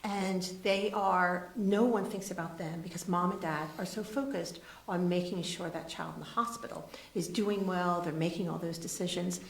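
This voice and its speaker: A woman, a charity CEO, telling a story as a guest on a talk show, lively and acting out voices. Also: lowish voice, normal speed, vocal fry, few pauses, reverberant. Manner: lively, acts out voices in her stories.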